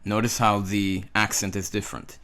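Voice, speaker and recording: A man's voice: lowish voice, little pitch movement, moderate pace, sharp tone. A man giving a language lesson, patiently repeating words and checking with the listener. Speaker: Hebrew teacher. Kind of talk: slow, drilling language lesson.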